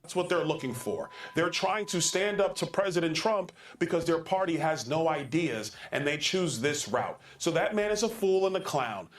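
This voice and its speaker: A man's voice: on the high side, animated, moderate pace, few pauses, echoey room. A man being interviewed on a TV news program, speaking in a combative, emphatic way. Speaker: politician interviewed on TV.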